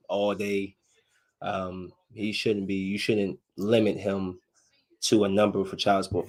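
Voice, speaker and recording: This is a solo podcast host in a relaxed mood, telling stories with slang and humor. His volume jumps from loud outbursts down to low muttering, and laughter comes up again and again.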